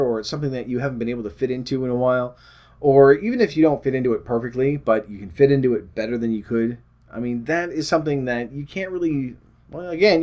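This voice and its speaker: A man's voice: mid-range voice, a little mellow. Rambling, chatty man vlogging to camera. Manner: rambling, self-deprecating, chatty. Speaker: weight loss vlogger. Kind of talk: casual chat to camera.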